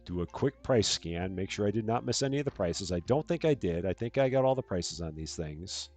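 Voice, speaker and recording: A man's voice: on the low side, expressive, a little fast, darkish tone, faint music behind. A man hosting a live stream of a store-running game, chatting casually, reading out jokes and greeting chat viewers. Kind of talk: casual gameplay commentary.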